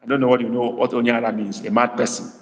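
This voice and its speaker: A middle-aged man whose first language is Igbo teaches a live online lesson, stressing his points and numbering them as he goes. His voice sits at an ordinary pitch, and it rings in a roomy space with a long, trailing reverb. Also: little pitch movement, fast. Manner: didactic, repetitive, counts points aloud. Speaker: language tutor.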